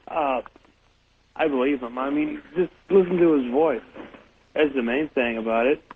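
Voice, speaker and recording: A man's voice: medium pitch, normal speed, a little hiss or hum. A man calling into a radio show, speaking earnestly and hesitantly. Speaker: radio caller. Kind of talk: phone-in chat. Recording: tinny phone line.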